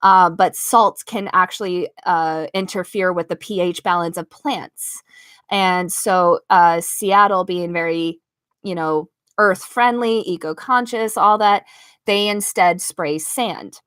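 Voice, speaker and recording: A woman's voice: on the low side, takes it slowly, a bit bright, clean tone, no room sound, studio quality. A young woman from the United States telling a story to her live chat from her bedroom. She laughs often and acts out the lines of other people. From United States (Las Vegas). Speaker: live-stream host. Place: home bedroom. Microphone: own microphone at desk.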